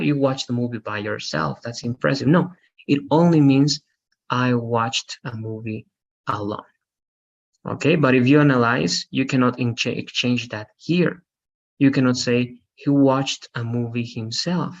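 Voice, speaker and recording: Gravelly-voiced male English teacher. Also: medium pitch, a little slow. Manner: patient, repeats checks like "right?" and "okay?". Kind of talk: online class explanation. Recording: muffled lo-fi audio.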